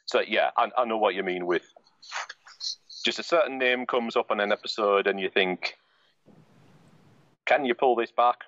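A man's voice: fairly low pitch, moderate pace, sharp tone, no room sound. A man hosting a podcast, chatting casually and rambling with lots of "you know" fillers. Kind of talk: casual chat. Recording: dull dry lo-fi audio.

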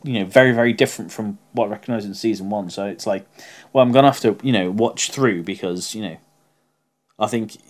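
Speaking fairly quickly in a lowish voice, this male co-host keeps the podcast talk casual. His speech is hesitant and packed with fillers.

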